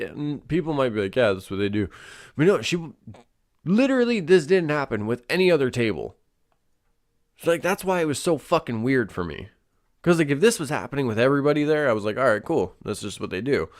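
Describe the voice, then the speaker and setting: Young male solo host, casual and profane, heavy on fillers, mid-pitched voice. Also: big pitch swings, normal speed. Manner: rambling, profane, lots of fillers. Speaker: podcast host.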